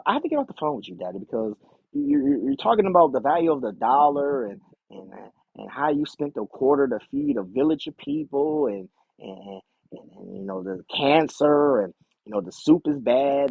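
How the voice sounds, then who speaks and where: A man's voice: fairly high pitch, huge pitch swings, creaky, breathy edge, dry recording, phone-quality sound, heavily acted. A man mocking a whiny spoiled rich girl. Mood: whiny pleading. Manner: whiny, drawn-out pleading with repeated "daddy". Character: spoiled young woman whining to her rich father.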